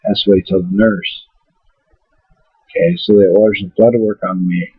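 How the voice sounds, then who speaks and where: Husky low-voiced man, tinny webcam audio. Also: steady tone, normal speed, dry recording. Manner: rambling and blunt, swears freely. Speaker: vlogger. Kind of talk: casual storytelling to camera.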